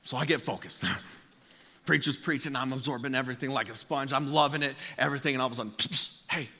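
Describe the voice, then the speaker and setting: Bright-voiced man preaching in a hall. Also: mid-range voice, quick pace. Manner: animated, comic storytelling with acted quotes. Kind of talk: storytelling sermon. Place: large church auditorium. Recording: long hall reverb.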